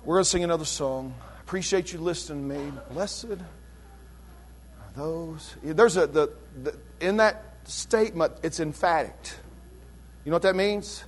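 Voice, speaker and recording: A preacher, a man with a high-pitched voice, delivering his sermon. He swings between quiet, slow, drawn-out phrases and sudden loud, rapid surges. He keeps calling back to the congregation. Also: breathy edge. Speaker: pastor.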